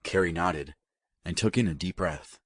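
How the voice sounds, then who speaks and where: A male narrator with an extremely low, husky voice reads a scripted audiobook steadily and evenly at normal speed. The recording is close and dry, with no room sound.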